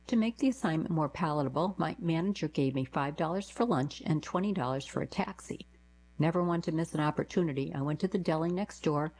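A woman narrating short reader-submitted diary stories in a calm, even scripted read. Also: low voice, low-quality recording. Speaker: narrator reading diary letters.

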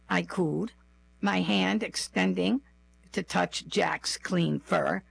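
A woman's voice: on the low side, vocal fry, slightly rough. A woman reading a first-person memoir aloud, with wry, self-mocking humor. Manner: wry, unhurried storytelling with a dry, self-mocking tone. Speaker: storyteller.

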